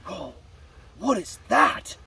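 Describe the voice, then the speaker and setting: An excitable, clumsy wildlife-show host with an Australian accent, calling out and shrieking, as a man puts him on. His voice sits very high with a gravelly edge and leaps all over the place. Music plays clearly beneath the comedy sketch. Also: slow pace, full character voice. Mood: gung-ho. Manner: exclamatory, shrieks in panic.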